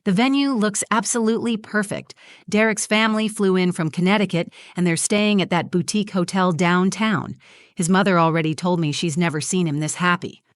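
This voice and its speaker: A woman narrator voices a smug young bride-to-be who talks down to her friend in a preachy, patronizing way. The voice is fairly low for a woman, close to an everyday voice, a little fast, and recorded dry and close with no room sound.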